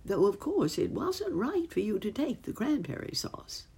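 A woman voicing a kindly, cheerful old rabbit gentleman in a storybook reading. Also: fairly high pitch, sing-song, moderate pace, slightly rough, voice pushed up, heavily acted.

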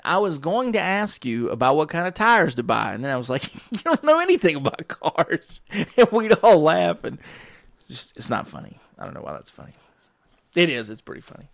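A man's voice: medium pitch, creaky, no echo, clean studio sound. A man, a professional wrestler, telling rambling work stories in a casual monologue, acting out what others said. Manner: rambling, animated quoting of others.

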